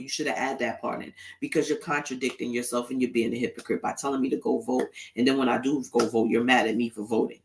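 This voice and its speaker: A man's voice: mid-range voice, fairly even intonation, fast talker, few pauses, a little hiss or hum. A man hosting a solo commentary show, talking bluntly and heatedly and swearing freely. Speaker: podcast host.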